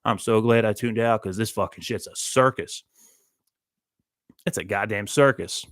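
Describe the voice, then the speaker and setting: A man's voice: fairly low pitch, normal speed, a bit bright, dry recording, studio quality. A man hosting a rambling solo stream, talking in a profane, introspective, self-questioning way. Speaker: host. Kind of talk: rambling solo livestream monologue.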